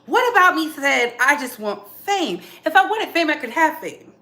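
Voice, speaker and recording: A woman talks through celebrity gossip in a sassy, emphatic way, often repeating a line for punch. Her voice sits high and sounds bright, with a roomy echo around it. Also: very animated, normal speed. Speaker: commentary channel host. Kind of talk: casual celebrity gossip commentary.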